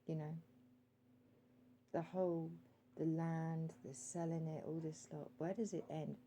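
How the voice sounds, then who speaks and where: A woman vlogger speaking earnestly straight to one listener, calling him sir, pausing often with ums and reading out her timer as she goes. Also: sits low, little pitch movement, mellow, a little hiss or hum, rough recording. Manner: calls out timer readings while talking. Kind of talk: direct-to-camera monologue.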